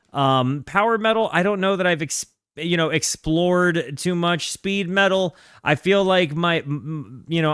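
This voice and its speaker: A man's voice: fairly high pitch, fairly bright tone, clean tone, dry recording. Chatty man with a dry, close sound. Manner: rambling, restarts, stacked fillers. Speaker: host of a music reaction channel. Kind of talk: casual reaction commentary.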